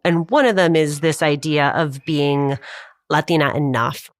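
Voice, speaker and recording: A woman podcast host with a very low voice asks her questions in a measured, thoughtful way. The recording is dry and close, with no room sound. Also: no echo. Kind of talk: interview questions.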